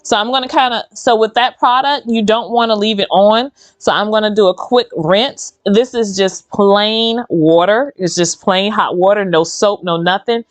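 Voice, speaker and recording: A woman's voice: medium pitch, moderate pace, hardly any pauses, dry recording. A woman, hosting a casual, rambling chat while she does her own nails. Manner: chatty, rambling and animated. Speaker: host.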